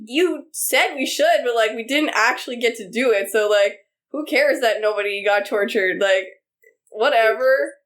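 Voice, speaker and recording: A young woman co-hosting a podcast in casual chat, relaxed and full of "like" and "um", sometimes mimicking characters. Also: a little high, moderate pace, hardly any pauses. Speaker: podcast co-host.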